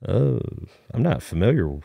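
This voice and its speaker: A man's voice: lowish voice, very animated, unhurried, creaky, warm tone, husky, no echo, studio quality. A man calling in to a comedy podcast, telling a meandering story in a folksy manner with rural grammar. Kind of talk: rambling comic monologue.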